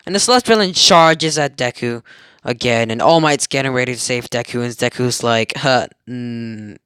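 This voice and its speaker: A man's voice: mid-range voice, expressive, moderate pace, a bit bright, clear, resonant tone, dry recording, studio quality. A young man casually retelling a fan story, rambling, giggling and correcting himself as he goes. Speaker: amateur storyteller.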